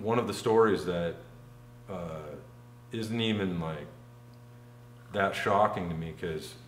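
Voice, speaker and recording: A man's voice: low-pitched, a little hiss or hum. A man telling a long personal story in casual chat, rambling and full of fillers. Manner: rambling, filler-heavy, frequent "like". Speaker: podcast guest telling a story. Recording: echoey room.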